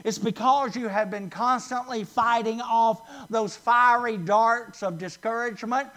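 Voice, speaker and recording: High-voiced, unhurried male preacher. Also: steady tone, fairly bright tone. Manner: emphatic, drawn-out stresses, asks the congregation questions. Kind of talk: sermon.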